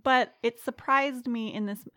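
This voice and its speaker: A woman co-hosting a podcast, chatting casually about a film, laughing often and talking in an animated way. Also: a little high, a little slow, no echo, studio quality. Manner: giggly, animated. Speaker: podcast co-host.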